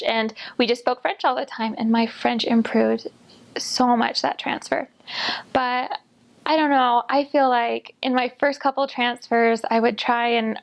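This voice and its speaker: A young woman talks casually about her own experiences, upbeat and quick to laugh at herself. Her voice sits high and carries a gravelly fry. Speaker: returned missionary. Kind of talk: casual storytelling.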